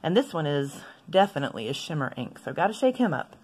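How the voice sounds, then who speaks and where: A woman chatting casually as she swatches inks for her video, rambling into asides and gently poking fun at herself. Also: low voice, very animated, quick pace, slightly rough. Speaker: stationery vlogger.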